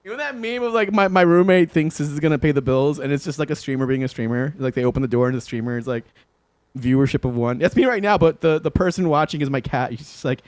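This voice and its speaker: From his home room, a young livestreaming guitarist banters with viewers, cursing casually and laughing often in an easygoing manner. He speaks fast in a slightly high voice with a darkish tone, and there's no room sound.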